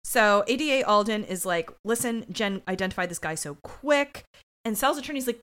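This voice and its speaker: Woman co-host, lively pitch, blunt and profane, casual recap. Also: normal speed. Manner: blunt, swears, acts out quotes. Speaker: podcast co-host. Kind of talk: casual chat recapping a TV episode.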